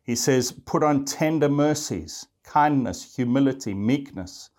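A man's voice: mid-range voice, unhurried, a little mellow. A man preaching a sermon, reading scripture aloud and explaining it earnestly. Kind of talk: sermon teaching.

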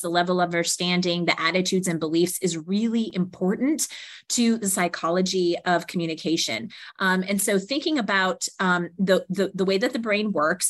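A woman, a guest expert, explaining her ideas at length in an interview. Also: mid-range voice. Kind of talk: interview answers.

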